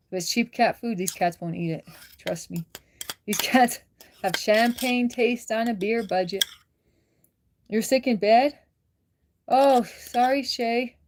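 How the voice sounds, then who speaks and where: A woman's voice: medium pitch, darkish tone, slight background noise. A woman hosts a casual livestream, talking with viewers and laughing easily. She says she is worn out, and she chats along loosely, reacting to comments as they come in. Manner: chatty, laughs often, answers viewer comments. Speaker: livestream host.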